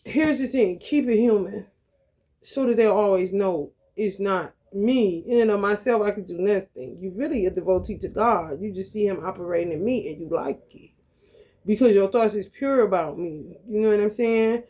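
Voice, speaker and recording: A woman at a middle pitch giving a casual spiritual talk. She swears freely and talks in a blunt, streetwise way. She reads scripture passages aloud, then riffs loosely on them. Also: normal speed, warm tone. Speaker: spiritual channel host.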